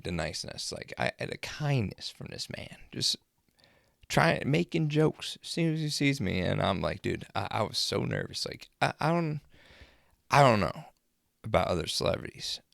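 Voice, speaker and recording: A young man casually telling rambling, crude, excitable stories to his camera. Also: lowish voice, measured pace, gravelly, no room sound, clean studio sound. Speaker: vlogger. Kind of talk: casual storytelling.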